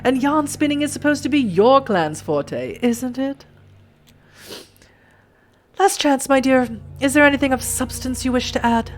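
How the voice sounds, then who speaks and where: A woman's voice: high-pitched, unhurried, pauses often, faint music behind, voice pushed up. A woman voicing a haughty, menacing male vampire sheriff who speaks in a formal, condescending way.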